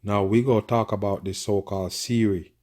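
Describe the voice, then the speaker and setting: Man, ranting reaction commentator, very deep, flat delivery, profane, conspiratorial. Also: a little fast. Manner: profane, conspiratorial, constant murmured agreement. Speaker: video commentator.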